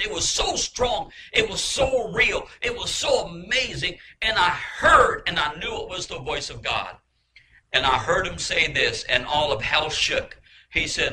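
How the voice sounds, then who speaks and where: A man giving an emotional sermon testimony, impassioned and repetitive, rising to shouts. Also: high-pitched, background noise.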